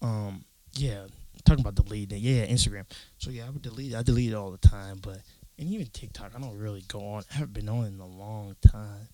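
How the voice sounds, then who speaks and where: A young podcast host records solo in his closet, cursing and rambling animatedly through a rant in a low-leaning, fast voice. The audio quality is poor.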